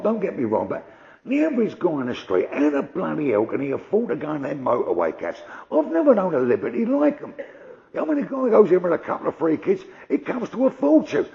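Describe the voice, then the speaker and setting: An older man doing gruff, conversational stand-up storytelling. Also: on the high side, dark tone, muffled recording. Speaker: stand-up comedian.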